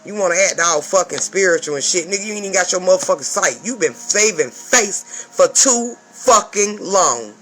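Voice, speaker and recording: A woman's voice: lowish voice, animated, moderate pace, few pauses, a bit bright, faint music behind, poor audio. A woman speaking as a spiritual advisor in a casual vlog rant. She swears a lot, talks emphatically and keeps checking in with the viewer.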